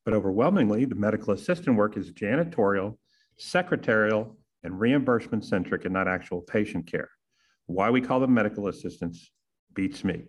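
A man's voice: fairly low pitch, expressive, fairly quick, husky. A man, hosting a podcast and delivering a sarcastic, punchy opinion monologue full of rhetorical questions. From Texas. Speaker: podcast host.

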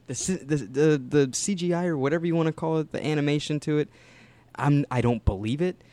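A man's voice: fairly high pitch, brisk, mellow, dry recording. A man in casual reaction chat who rambles and restarts his sentences often. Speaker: commentator.

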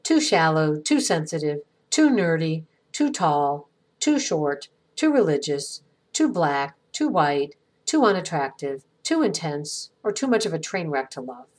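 Husky, earnest woman podcast host. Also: low voice, very animated. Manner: gentle, earnest, reflective delivery with slow pauses. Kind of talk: scripted inspirational narration.

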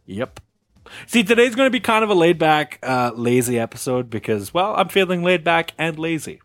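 A man hosting a casual comedy podcast, quick and giggly as he chats with friends. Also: a little high, big pitch swings, fairly bright tone. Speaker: podcast host.

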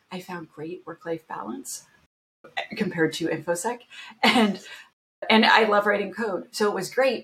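A middle-aged woman, a guest on a podcast, tells her career story in a bright, chatty way. She is upbeat and expressive, laughing often and slipping into quick quoted asides. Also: medium pitch. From Canada. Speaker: guest, security founder. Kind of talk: casual storytelling interview.

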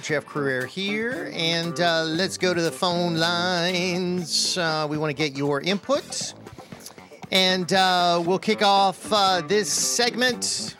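A man hosting a call-in radio talk show, chatty and loose, filling pauses with lots of uhs. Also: high voice, pushed and bright. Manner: loose, filler-heavy, chatty.

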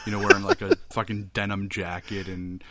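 A man's voice: sits low, flat delivery, a little fast, pushed and bright, no room sound. A man co-hosting a casual podcast movie review, wry and joking, swearing casually. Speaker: podcast co-host.

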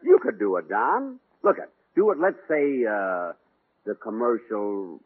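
A man's voice: fairly low pitch, wildly swooping pitch, a little slow, slight background noise. A man hosting a 1940s radio comedy, talking in an indignant, exasperated way. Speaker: comedy show host. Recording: tinny 1940s radio broadcast.

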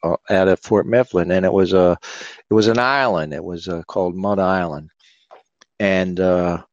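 A man's voice: deep voice, fairly even intonation, moderate pace, no room sound, dull audio. A man with a Philadelphia accent, a fort host answering interview questions in a rambling way, full of fillers and restarts. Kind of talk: casual interview chat.

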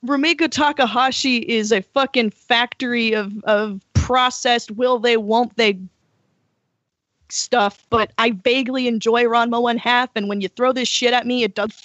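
A woman's voice: fairly high pitch, fairly even intonation, measured pace, a bit bright, no echo. A woman co-hosting a podcast, ranting in casual chat and swearing freely. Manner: profane, ranting. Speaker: podcast co-host. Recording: dull lo-fi dry audio.

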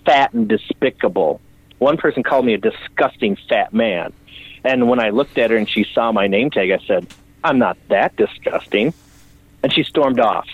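A man's voice: mid-range voice, dry recording. A man, a custom bike builder, telling his story bluntly and emotionally in an interview, with frequent swearing. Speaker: custom bicycle builder, guest. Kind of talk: candid podcast interview storytelling. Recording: dry, phone-like remote call audio.

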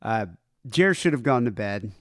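A podcast co-host tells stories in casual chat and laughs at his own tales. His medium-pitched voice is lively in intonation at a normal pace, captured in clean studio sound with no room echo.

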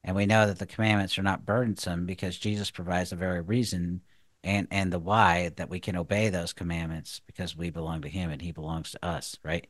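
A deep-voiced man co-hosts a faith talk show on marriage. He sounds earnest and a touch preachy, with lots of restarts and "you know." The sound is dry and close. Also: level tone, a little fast, no room sound. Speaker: podcast co-host.

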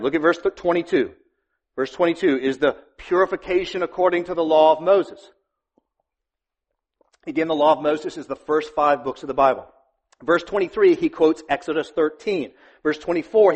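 A man preaches a sermon in a church sanctuary. His voice sits a little high for a man, and he drives his points home with repetition and rhetorical questions. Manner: emphatic, repeats phrases and rhetorical questions. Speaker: pastor.

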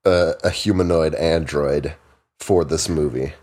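A man's voice: very deep voice, fairly even intonation, a little slow, darkish tone. A young man from Minnesota, co-hosting a podcast in casual chat with wry, joking asides. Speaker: podcast co-host.

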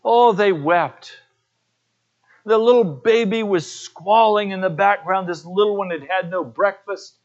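A man's voice: sits high, measured pace, dull audio. A man preaching a sermon as pastor, telling personal stories in an earnest way.

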